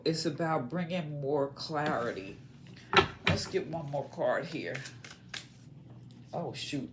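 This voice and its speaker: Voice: mid-range voice, noisy background. A tarot reader giving a casual spoken reading, musing in short loose phrases and often checking in with listeners by asking "okay?". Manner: talks in short loose phrases with many fillers.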